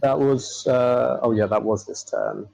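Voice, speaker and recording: Gravelly-voiced man playing a tabletop game. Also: medium pitch, fairly even intonation, a little slow, a little mellow, no room sound, poor audio. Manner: hesitant, full of uh and um while checking rules. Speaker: player. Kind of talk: casual tabletop game chat.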